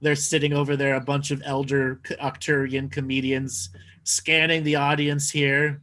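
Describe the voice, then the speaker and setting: A man's voice: mid-range voice, little pitch movement, normal speed, fairly bright tone. A man co-hosting a live comedy talk show, delivering absurd claims in a dry, matter-of-fact way. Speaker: co-host.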